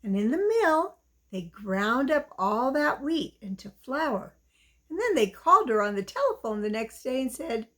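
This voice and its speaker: A woman reading a children's story aloud, gentle and sing-song, talking to young listeners. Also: high-pitched, big pitch swings, unhurried.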